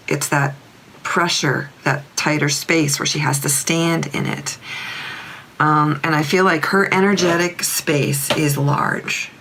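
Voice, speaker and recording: Low, gravelly-voiced woman recounting. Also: fairly bright tone, a little hiss or hum. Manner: rambling, earnest, often restarts sentences. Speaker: animal communicator. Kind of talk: recounting a session.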